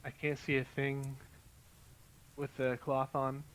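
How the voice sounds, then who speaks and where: A man's voice: mid-range voice, monotone, slow. A man playing a tabletop game, speaking in character with urgent, defiant lines. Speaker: player.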